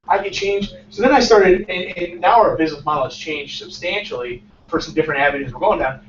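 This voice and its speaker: Energetic young man, high voice, echoey room. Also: a little hiss or hum. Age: 20s. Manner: energetic, peppers lines with "right?". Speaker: startup founder giving a talk. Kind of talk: casual motivational talk. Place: lecture room. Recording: echoey muffled room sound from far off.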